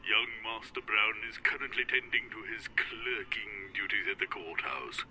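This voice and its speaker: An actor playing a creepy butler who speaks slowly and formally in a video game. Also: male voice, on the low side, bright, forceful tone, a little hiss or hum. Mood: eerie. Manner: slow, formal and eerie. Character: creepy, stiff male butler.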